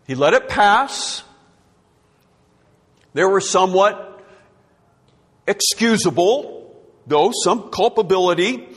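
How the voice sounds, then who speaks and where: A man's voice: high-pitched, fairly bright tone, in a large hall. A man preaching a sermon, emphatic and repeating his key words for effect.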